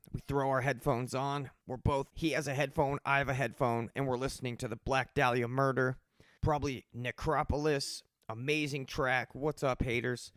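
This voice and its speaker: A man's voice: mid-range voice, fairly bright tone, no room sound, studio quality. A man in his thirties hosting a personal storytelling podcast, talking casually with rambling, profane asides. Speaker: podcast host.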